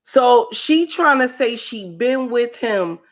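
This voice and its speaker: Slow, preachy woman on a livestream. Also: fairly high pitch, lively intonation. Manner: preachy, repeats lines for emphasis. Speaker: livestream host. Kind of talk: casual commentary livestream.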